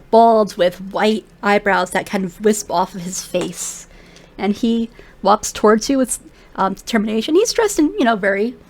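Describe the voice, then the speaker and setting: A woman narrating as game master in a relaxed, descriptive way with many fillers. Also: mid-range voice.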